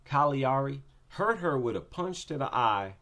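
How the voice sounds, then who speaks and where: This MMA commentator sounds a bit bright, with big pitch swings, as he casually and slowly picks apart fights, drawing out his opinions and returning to his main points again and again for emphasis.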